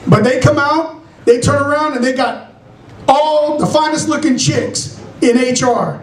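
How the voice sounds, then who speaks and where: A middle-aged man from San Francisco with a strikingly high voice tells stand-up stories, acting out characters in raised voices. He is recorded from across an echoey club, with faint room noise behind him. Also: measured pace, recorded from a distance. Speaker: stand-up comedian. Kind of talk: stand-up comedy set. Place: comedy club stage.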